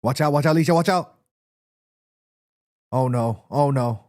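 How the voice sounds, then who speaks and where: A man commentating live on a football match for his stream, reacting excitedly and shouting at players. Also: medium pitch, no room sound, clean studio sound. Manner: repeats himself, quick restarts. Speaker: watchalong streamer.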